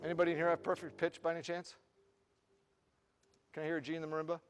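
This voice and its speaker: A man leading a concert band rehearsal, counting off the players, singing rhythms to show them, and quizzing them with quick questions. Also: on the high side, completely flat delivery, clear, resonant tone, soft background music. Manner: counts off and sings rhythms to demonstrate. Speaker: band clinician. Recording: long reverb of a large hall.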